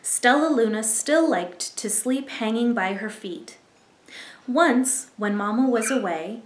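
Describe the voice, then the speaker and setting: A woman reading a picture book aloud as a library storyteller, gentle and expressive, with asides to young listeners. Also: a little high, echoey room.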